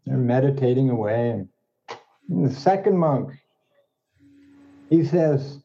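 A man telling a string of jokes in an unhurried, drawn-out storytelling manner. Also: medium pitch, lively intonation, dark tone. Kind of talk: joke telling. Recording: dull lo-fi audio.

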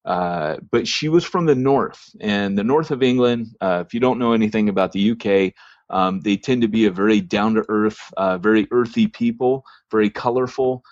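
Man, podcast host, rambling storyteller, lowish voice, dry muffled recording. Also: normal speed, a little mellow, dry recording. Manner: rambling, many ums and restarts. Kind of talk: storytelling in a casual podcast chat. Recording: dry, dull lo-fi sound.

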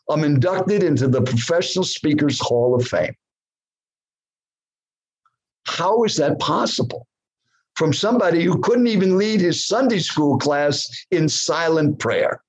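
Appearing as a guest on a podcast, a man in his seventies recounts his story with drama and animation, speaking straight to the host and asking the listener questions. His voice is a little high with a breathy edge, and the audio is poor.

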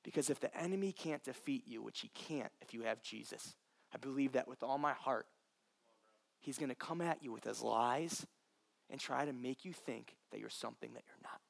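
A man's voice: medium pitch, moderate pace, vocal fry. A man preaching a sermon as pastor, passionate and earnest, addressing listeners directly.

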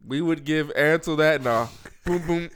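A man's voice: on the high side, unhurried, fairly bright tone, a little hiss or hum. A man co-hosting a podcast who banters and reacts in a laid-back, casual way. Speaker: podcast co-host. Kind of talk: casual chat.

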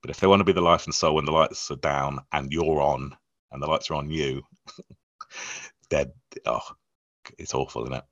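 A man's voice: rumbling low, normal speed, long pauses, dry recording, muffled recording. A man, a comedy promoter, chatting casually in an interview and acting out the people in his stories. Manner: animated storyteller, acts out quoted voices.

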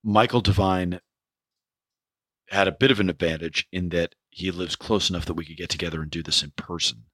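A man hosting a podcast, speaking with a hoarse, ragged voice in a rambling way, full of fillers and restarts. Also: deep voice, steady tone, brisk, a bit bright, no room sound. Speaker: podcast host. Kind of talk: spoken podcast intro.

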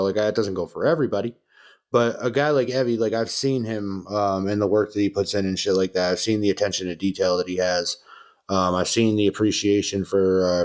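A young man hosting a casual chat, telling a long story in a laid-back, profane way with many fillers and acted-out quotes. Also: low-pitched. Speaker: podcast host.

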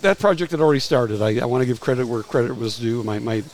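A man's voice: medium pitch, lively intonation, darkish tone, rough recording. An older man in his sixties tells stories from his career as a guest on a casual interview show. His mid-range voice moves at an easygoing pace, and he often stumbles and restarts his sentences. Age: 60s. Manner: halting, restarts phrases with frequent repeated words. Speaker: guest, retired music publicist. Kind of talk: casual anecdotal storytelling.

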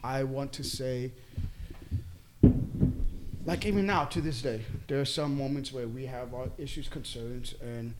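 A man's voice: medium pitch, measured pace, long pauses, noisy background. A man talking casually on a podcast, reflective and earnest with hesitant restarts. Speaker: podcast host. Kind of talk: casual group chat.

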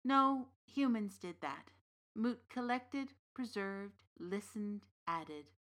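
A woman reading the part of a big, gently knowing uncle from the fairy realm in an audiobook story. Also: mid-range voice, lively intonation, slow. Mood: calm. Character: big warm Irish uncle, old fairy king's son.

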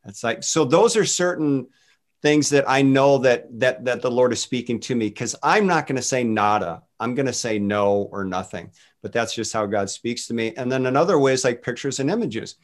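A man speaking as a guest minister in a casual faith conversation, telling stories in an animated way and voicing quotes. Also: medium pitch, moderate pace. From United States. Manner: animated storytelling with voiced quotes.

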